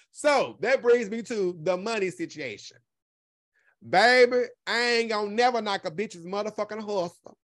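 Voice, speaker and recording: A man's voice: sits high, slow pace, no echo, studio quality. A man, a content creator, giving casual solo commentary in a sassy, profane, emphatic way, often repeating his points for effect. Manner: animated storytelling with laughter.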